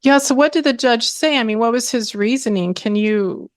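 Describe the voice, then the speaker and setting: A woman's voice: a little high, moderate pace. A middle-aged woman hosting a podcast, asking probing, sympathetic questions. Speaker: podcast host. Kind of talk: interview.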